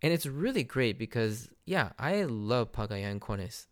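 A man giving a casual, animated recap of an anime arc, laughing often and acting out characters' lines. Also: medium pitch, normal speed. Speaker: anime reviewer.

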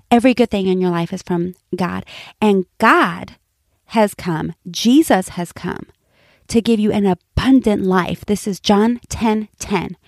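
A woman pastor in middle age delivers a devotional message in a warm-hearted, encouraging way, repeating key phrases for emphasis. Her voice sits in an ordinary middle range. The sound is dry, with no room echo. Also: mid-range voice, gravelly. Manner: earnest, encouraging, speaks directly to listeners; emphatic repetition, light laughs.

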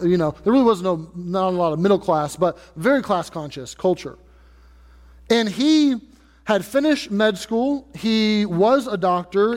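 Man, pastor, high voice, earnest emphatic sermon, church hall reverb. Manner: earnest preaching, rising emphatic repetition. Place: church sanctuary.

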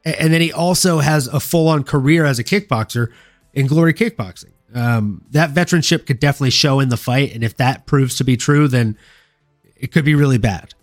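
A man in the host's seat of a casual sports chat show, speaking in a middle-pitched voice that wanders through ums and false starts on its way to a joke. The sound is close and dry, with faint music sitting underneath. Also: fairly quick, no echo. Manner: rambling, joking, lots of ums and restarts. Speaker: podcast host.

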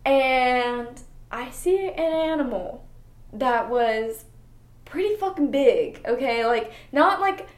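A young woman co-hosting a casual podcast, telling a story in an animated way and swearing freely. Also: high-pitched, takes it slowly. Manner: animated, swears a lot, acts out her own story. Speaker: podcast co-host. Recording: echoey room.

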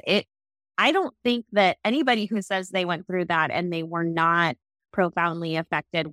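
A woman in her late thirties with a lowish voice tells a personal story candidly and reflectively. She sounds close to the mic, in a dry room with no echo, and comes alive when she voices other people. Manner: earnest, reflective, lively when quoting others.

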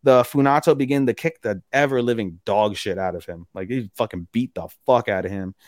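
A man co-hosting a podcast, casually recapping episodes in an animated way, acting out characters' lines and swearing freely. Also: lowish voice, fairly quick, no echo, studio quality. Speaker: podcast co-host.

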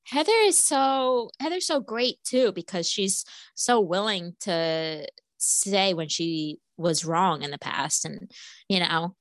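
A woman's voice: fairly low pitch, lively intonation, takes it slowly, no room sound. A woman co-hosting a podcast, agreeable and giggly in casual chat about reality TV. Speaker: podcast co-host.

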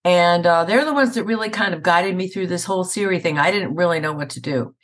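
Chatty woman voice actor, lowish voice. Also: fairly quick. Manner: chatty, storytelling, laughs often. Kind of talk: casual interview conversation. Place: Atlanta area.

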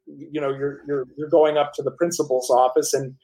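Chatty man telling anecdotes, slightly high. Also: moderate pace, low-quality recording. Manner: animated anecdotes with many restarts and filler. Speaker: author and guest. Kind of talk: casual storytelling interview.

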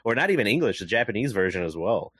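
A man with a very deep voice joins the podcast as co-host. He talks in halting casual chat and often corrects himself mid-sentence. The sound is dry and close. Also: very animated, a bit bright, husky, no room sound.

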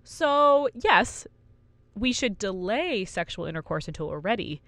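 A woman's voice: medium pitch, very animated, a little slow, a bit bright, dry recording. A woman in her twenties co-hosting a casual podcast, reading study findings aloud and laughing at her own slips. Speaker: podcast co-host.

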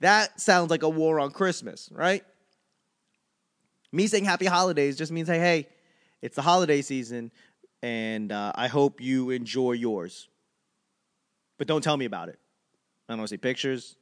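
A man doing a rambling, animated stand-up comedy monologue, ranting with frequent fillers. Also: mid-range voice, moderate pace, pauses often.

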